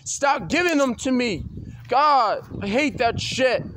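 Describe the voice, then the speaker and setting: A man ranting on his own in an agitated, repetitive way, swearing and breaking into loud outbursts. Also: extremely high pitch, lively intonation, slow pace, a little hiss or hum. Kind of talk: solo rant to camera.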